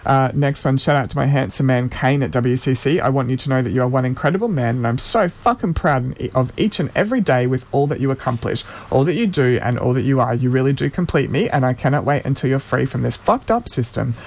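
A man hosting a community radio show, casually reading listener shout-outs aloud and stumbling over names now and then. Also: mid-range voice, lively intonation, quick pace, vocal fry, few pauses.

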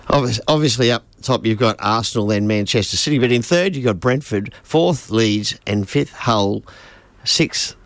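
A man's voice: medium pitch, a little slow, dry recording. A man reading football scores on a radio show, casual and chuckling, with plenty of fillers. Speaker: sports segment co-host. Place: radio studio.

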